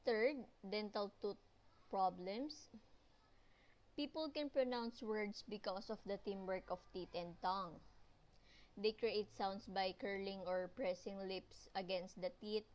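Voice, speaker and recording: A young woman reads out a class presentation at a slow, careful pace. Her voice sits at an ordinary pitch, and she halts now and then to restart a word before carrying on. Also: steady tone, a little mellow, poor audio. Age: young adult. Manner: halting, restarts words while reading. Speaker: student presenter.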